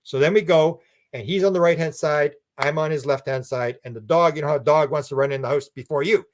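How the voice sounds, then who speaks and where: A man as an interview guest, telling a long story in an animated, rambling way and acting out what people said. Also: on the high side, fast. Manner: animated, rambling, acts out quoted speech. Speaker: guest researcher.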